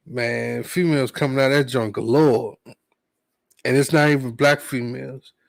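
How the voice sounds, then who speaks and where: A man's voice: medium pitch, steady tone, normal speed, gravelly, no echo, low-quality recording. Laid-back man on a dry mic. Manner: laid-back storytelling, quoting himself under his breath. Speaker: podcast co-host. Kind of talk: casual podcast chat.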